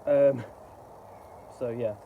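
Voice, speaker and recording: A middle-aged man giving casual, rambling, halting commentary while unboxing a book. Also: mid-range voice, steady tone, phone-quality sound, a little hiss or hum.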